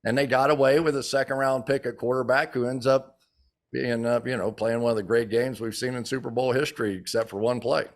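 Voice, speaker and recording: A man's voice: medium pitch, brisk. A man in his sixties, a former football player turned TV analyst, chatting in an interview and acting out the quotes in his stories. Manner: animated storyteller who acts out quotes. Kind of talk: casual interview chat.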